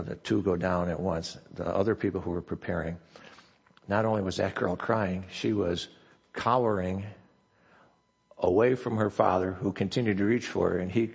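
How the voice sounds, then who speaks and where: An older male pastor preaches with a low, gravelly and slightly husky voice. He tells his story loosely, full of fillers and restarts. His voice rings with the long reverb of a church hall. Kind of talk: sermon. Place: church sanctuary.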